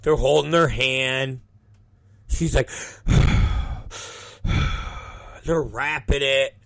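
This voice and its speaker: A male show host and wrestling promoter, telling a story casually in a profane, animated way. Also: medium pitch, slow pace, vocal fry. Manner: animated, profane, acts out the people in his stories.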